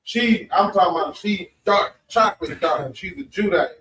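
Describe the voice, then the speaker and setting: A man's voice: sits high, normal speed, noisy background. A man speaking at a religious meeting, telling stories in a blunt, profane, conversational way with frequent asides. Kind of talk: informal preaching and storytelling. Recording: echoey room, mic far off.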